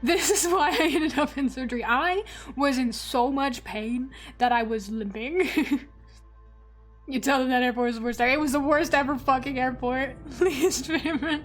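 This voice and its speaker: Woman streamer, high voice, swears freely, laughs through her story, faint music behind. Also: moderate pace. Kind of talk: casual storytelling while drawing on stream.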